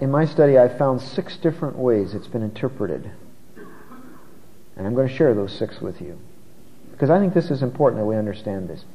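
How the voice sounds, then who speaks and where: A man preaching an expository sermon, who slows down and stresses key words, recorded muffled in a large church hall. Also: medium pitch.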